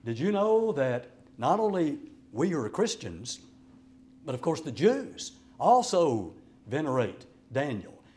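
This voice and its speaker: A man preaching a sermon as an evangelist, telling the story with dramatic swings from loud exclamations to hushed asides. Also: on the high side, big pitch swings, measured pace.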